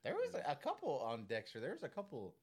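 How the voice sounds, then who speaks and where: A man's voice: mid-range voice, wildly swooping pitch, crowd noise. A man co-hosting a podcast, joking and bantering in casual chat. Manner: jokey, quick banter. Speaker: podcast co-host.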